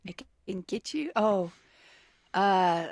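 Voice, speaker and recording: A woman's voice: medium pitch, lively intonation, takes it slowly. A woman co-hosting a morning radio show, playfully reading out trivia clues and giggling with her partner at a studio microphone.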